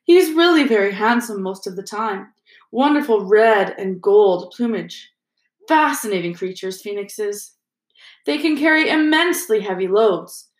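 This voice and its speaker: A woman voicing an old male wizard headmaster who speaks slowly, gently and with measured calm. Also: mid-range voice, roomy sound, close to an everyday voice. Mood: explaining.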